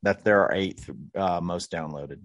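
A man's voice: deep voice, slow, no echo. A man hosting a casual podcast chat, laid-back, repeating himself and chuckling often. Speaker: podcast host.

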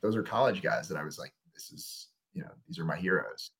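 A young man, a minor league pitcher, telling stories in a casual podcast interview with frequent fillers. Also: brisk, breathy edge. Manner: relaxed, rambling storyteller with frequent fillers.

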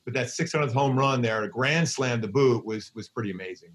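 A middle-aged man from Philadelphia with a Philadelphia accent, an excitable guest telling stories in a casual interview with many restarts. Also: mid-range voice, a little fast. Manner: excitable storyteller, frequent restarts. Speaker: baseball broadcaster, guest.

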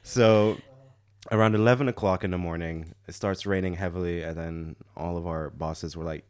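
A young man from Morocco telling a funny story in casual chat, laughing often and getting lively when he acts out other people. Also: low-pitched, normal speed, clear, resonant tone, dry recording. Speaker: podcast host telling a story.

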